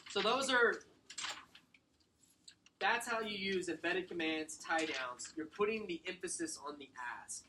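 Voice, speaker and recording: A man runs a sales workshop with a bright, forward voice pitched a little high. He coaches directly and with energy. There is a faint hiss in the background. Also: a little slow, pauses often. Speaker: sales trainer leading a workshop. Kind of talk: workshop teaching.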